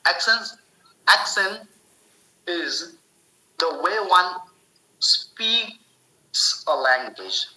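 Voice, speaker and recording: A man teaches a spoken English lesson in a very bright, somewhat high voice. He explains slowly and deliberately, circling back to repeat and restart his phrases. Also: a little hiss or hum, low-quality recording.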